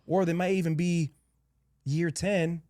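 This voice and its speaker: A man's voice: a little high, steady tone, measured pace, mellow, no echo, studio quality. A man hosting a podcast, reflecting supportively on the guest's story in casual interview chat. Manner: supportive, reflective, short affirmations. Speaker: podcast host.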